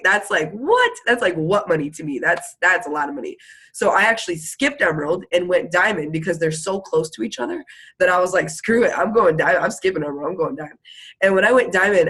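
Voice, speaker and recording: A woman giving an energetic motivational talk to her sales team, chatty and quick in bursts. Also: lowish voice, husky, rough recording. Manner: fired-up, chatty, fast bursts, frequent "like" and "literally". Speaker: network marketing team leader. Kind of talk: motivational live video talk.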